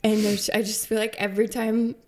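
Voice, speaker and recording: A woman's voice: medium pitch, level tone, fairly quick. A woman from a charity interviewing a recipient, talking effusively and rambling, with lots of filler words. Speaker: charity staff member interviewing. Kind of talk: warm conversational interview.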